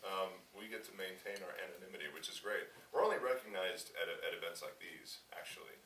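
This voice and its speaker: A man's voice: low-pitched, fairly quick, slight background noise. A man in his thirties, a voice actor, answering interview questions at a convention and acting out the people in his stories. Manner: animated storyteller acting out quotes. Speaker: voice actor guest. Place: convention event. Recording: echoey hall, slightly distant mic.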